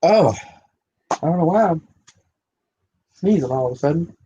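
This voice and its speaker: A woman's voice: low voice, expressive, moderate pace, mellow, dull audio, slight background noise. A woman on an online panel, chatting casually, laughing often, and calling the others "hon". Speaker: panel member.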